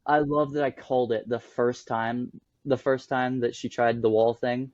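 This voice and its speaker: Young dude hyped about movies, dry muffled mic, casual podcast chat. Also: male voice, medium pitch, flat delivery, normal speed, darkish tone, no room sound. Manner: enthusiastic, laughs often. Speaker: podcast co-host.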